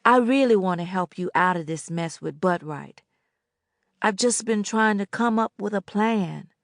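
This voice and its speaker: A determined teenage girl from a storybook reading, firm and earnest, as a woman reader puts her on. The voice is gravelly and mid-pitched, recorded close and dry. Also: a little slow, no echo.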